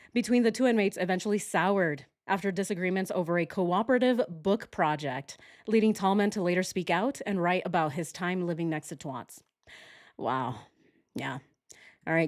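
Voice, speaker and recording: A woman's voice: lowish voice, moderate pace. A woman hosting a true-crime commentary channel who talks in a chatty, sarcastic way and often laughs. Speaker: channel host.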